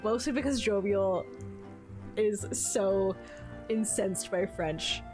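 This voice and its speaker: A woman's voice: mid-range voice, takes it slowly, music in the background. A woman streamer reading a book from a game aloud to her chat, breaking off for playful asides.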